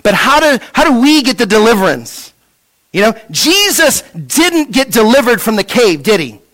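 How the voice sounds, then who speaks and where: A man preaching a sermon, asking rhetorical questions and repeating words as he restarts, dropping from a raised voice to a hush. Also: extremely high pitch, very animated, moderate pace. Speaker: pastor.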